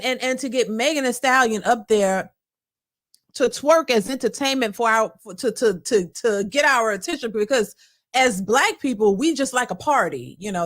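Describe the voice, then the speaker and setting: A woman with a somewhat high voice hosts a reaction show and talks through her view in casual commentary. She speaks earnestly, stumbling into restarts and fillers as she goes. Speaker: reaction channel host.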